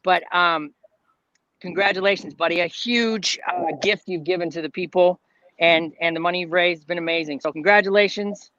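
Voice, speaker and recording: A man's voice: high-pitched, normal speed, sharp tone, no echo. A man chatting affectionately with friends over a video call. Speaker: friend calling in. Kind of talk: casual chat on a video call. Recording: dull lo-fi video-call audio.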